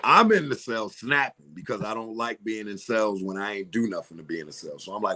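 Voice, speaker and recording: A man's voice: on the low side, a little fast, few pauses. A middle-aged man, a comedian telling stories in a casual interview, acting out voices and laughing often. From Philadelphia, USA. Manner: animated storyteller, acts out voices, laughs often. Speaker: comedian guest.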